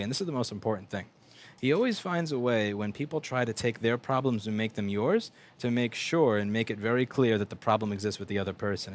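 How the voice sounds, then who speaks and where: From his repair shop workbench, a technician hosts a rambling, casual livestream, speaking bluntly with plenty of swearing, fillers and restarted sentences. His voice is lowish, and there's a little hiss or hum in the audio.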